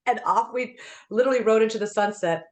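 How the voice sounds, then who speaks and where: A woman's voice: a little high, fast talker. A woman in her fifties, a life coach, telling her story in a chatty way, laughing often and restarting her sentences. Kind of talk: conversational interview storytelling.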